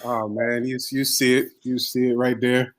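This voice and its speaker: Flat, low-key man telling his story. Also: moderate pace. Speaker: podcast guest. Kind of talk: casual chat.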